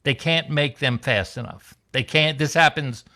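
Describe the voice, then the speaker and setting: A man doing a wry, deadpan stand-up comedy set alone in his room, telling stories and singing silly songs. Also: fairly high pitch, moderate pace. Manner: wry, deadpan storytelling with sung bits. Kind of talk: stand-up set over video call.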